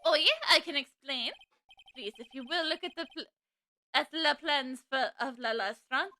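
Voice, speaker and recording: A woman's voice: high voice, normal speed, bright, forceful tone, soft background music. A woman voicing a smug male chef who sprinkles in fake French, theatrical and showy.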